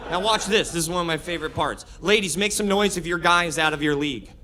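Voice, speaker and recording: Bright high-voiced male stand-up comic. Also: quick pace, a faint crowd. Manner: energetic, conversational, frequent laughs and restarts. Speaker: stand-up comedian. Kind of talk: stand-up comedy set with crowd work. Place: comedy club stage.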